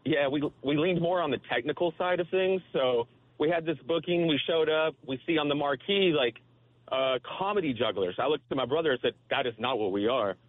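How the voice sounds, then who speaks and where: A man's voice: fairly high pitch, fairly quick, no room sound. A man calling in to a radio show, telling a story in an easygoing, laid-back way. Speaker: caller. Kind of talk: phone-in storytelling. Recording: tinny phone line.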